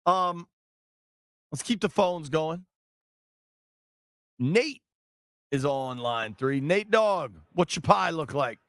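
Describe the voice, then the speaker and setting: A man hosting a sports radio show, chatting excitably with callers and his co-host in a studio. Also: fairly high pitch, slow pace, long pauses, no echo. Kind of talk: sports talk radio chat. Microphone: studio microphone.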